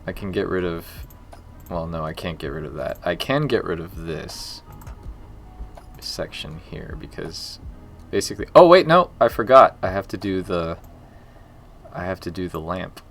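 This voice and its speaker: A man's voice: low voice, lively intonation, moderate pace, fairly bright tone, soft background music. A man in his forties chatting casually on a live stream while he works on a game, rambling with jokey asides and muttering to himself as he goes.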